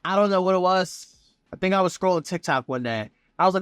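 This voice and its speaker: A man talking as a vlogger, giving casual fan commentary in an excitable, profane, rambling way. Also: high voice, quick pace, no room sound, studio quality. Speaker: wrestling vlogger.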